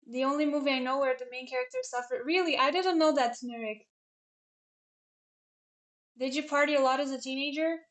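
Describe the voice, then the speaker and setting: Chatty young woman streamer, slightly high. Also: fairly quick, pauses often, fairly bright tone. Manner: chatty, rambling, answers chat questions. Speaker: chess streamer and commentator. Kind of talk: casual live-stream chat.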